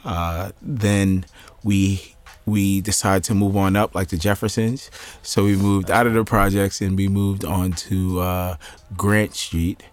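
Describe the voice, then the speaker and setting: Deep-voiced male guest from Jersey City, relaxed and chatty. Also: slow pace. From Jersey City, USA. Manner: easygoing, storytelling, many fillers. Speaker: guest, mayoral candidate. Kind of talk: casual interview chat. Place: recording studio.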